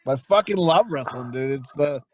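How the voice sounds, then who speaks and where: A man hosting a casual podcast, rambling excitedly and swearing freely. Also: mid-range voice, fairly quick, dry recording. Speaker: podcast host.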